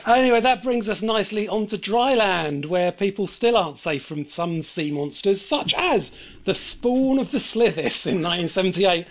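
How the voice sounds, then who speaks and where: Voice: mid-range voice, normal speed. A podcast host in casual film discussion, laughing often and making wry asides.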